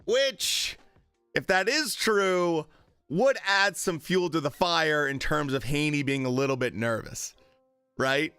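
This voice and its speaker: A man's voice: fairly high pitch, slow pace, bright, forceful tone, clear, resonant tone, dry recording, clean studio sound, faint music behind. A man chatting casually on a live stream about boxing, with many fillers and retold quotes.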